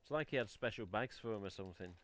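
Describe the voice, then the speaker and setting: Quick-paced and fairly low-pitched, yet with a fairly bright tone, an English-accented man chats on his collectors' live stream via headset mic, recorded with no echo. He swears mildly as he goes through boxes and handles items.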